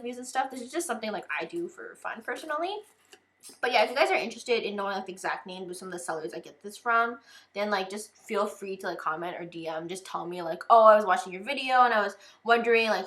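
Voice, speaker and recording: Young woman, casual unboxing vlog, chatty and rambling, heavy on fillers, mid-pitched voice. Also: fairly bright tone. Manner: chatty, fills with "like" constantly. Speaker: vlogger.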